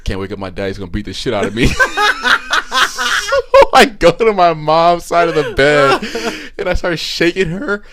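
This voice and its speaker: A man in his twenties telling a long story on a podcast, animated and swearing, laughing as he goes. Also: a little high, normal speed. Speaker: podcast co-host. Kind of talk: casual storytelling.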